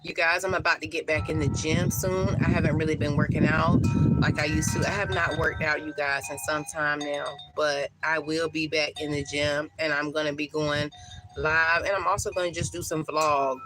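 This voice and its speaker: A woman's voice: low-pitched, steady tone, moderate pace, over loud music, low-quality recording. A woman, chatting emotionally with viewers on a live stream outdoors. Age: 30s. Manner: warm, emotional, talks to viewers with many fillers. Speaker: livestream host. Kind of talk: casual live-stream chat.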